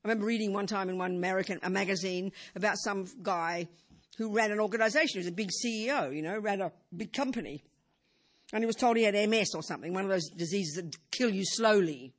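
An older woman giving an informal Buddhist teaching in a medium-pitched, conversational voice. She sprinkles in "you know," asks her listeners rhetorical questions, and moves between emphatic lines and quiet, hushed ones. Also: fast talker. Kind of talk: informal dharma talk.

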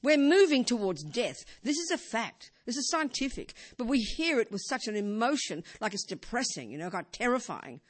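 An older woman teaching as a Buddhist teacher in an informal talk. She speaks conversationally, with frequent "you know" and rhetorical questions, and swings between emphatic and hushed delivery. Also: on the high side, big pitch swings, moderate pace, hardly any pauses.

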